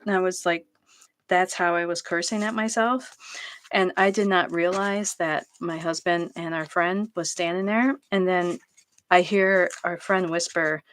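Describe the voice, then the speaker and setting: A woman's voice: mid-range voice, steady tone, moderate pace, fairly bright tone, a little hiss or hum. A middle-aged woman hosting a craft video, chatting casually and laughing at herself while she works at home. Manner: chatty and self-deprecating, laughs often. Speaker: craft channel host.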